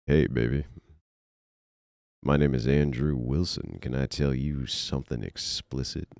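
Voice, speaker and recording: A man putting on a mock-sultry, smarmy radio voice, low and hushed. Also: fairly even intonation, unhurried, gravelly, no echo, clean studio sound, heavily acted. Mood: mock-seductive.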